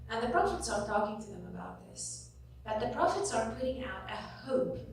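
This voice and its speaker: A woman giving an earnest, expressive sermon as a guest preacher, building to dramatic pauses. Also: fairly high pitch. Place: church hall. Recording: echoey hall from far off, faint hum.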